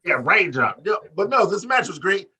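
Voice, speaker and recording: A man co-hosting a wrestling podcast, talking in loose, profane banter with big animated swings in his voice. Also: moderate pace, crowd noise. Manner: animated, profane, acts out quotes with big pitch jumps. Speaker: podcast co-host. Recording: distant mic.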